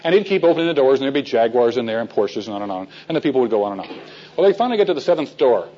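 A man's voice: mid-range voice, animated, racing, warm tone, dull audio, slight background noise. A man teaching a men's Bible class in a folksy storytelling way, asking his listeners questions.

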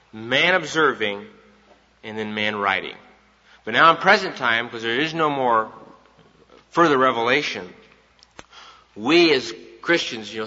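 A man's voice: medium pitch, sharp tone. A man preaching an evening sermon, emphatic and repeating his key points for the congregation. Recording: dull recording in a reverberant hall.

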